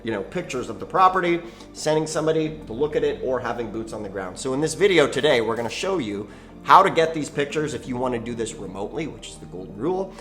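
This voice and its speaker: A man hosting his own channel, teaching investing to camera in an animated, folksy storytelling way. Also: medium pitch. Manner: animated, folksy, acts out quoted dialogue. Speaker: channel host, real estate investing educator.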